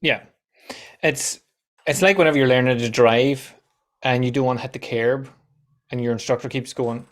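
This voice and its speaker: A man, a guest on a podcast, telling animated stories and acting out quoted voices, with casual swearing. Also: mid-range voice, moderate pace, long pauses. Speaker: guest, content coach.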